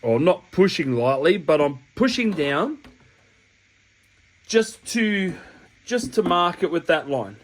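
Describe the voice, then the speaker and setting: A man's voice: a little high, animated, slow, long pauses, rough recording. An Australian man with a sniffly cold, explaining a hobby task step by step in a chatty, rambling way that keeps correcting itself. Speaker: hobby channel host. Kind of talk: casual step-by-step tutorial. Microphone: camera mic while working.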